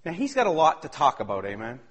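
A male pastor preaching a sermon, swinging between shouted excitement and hushed asides. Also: on the high side, fast talker.

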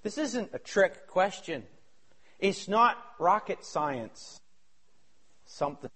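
A high-pitched male preacher delivering a sermon. His voice leaps all over the place, from quiet asides to loud, shouted exhortations. He acts out the voices in the Bible stories he tells. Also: sing-song, takes it slowly, slightly rough. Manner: fervent, swings from low mutters to high shouts.

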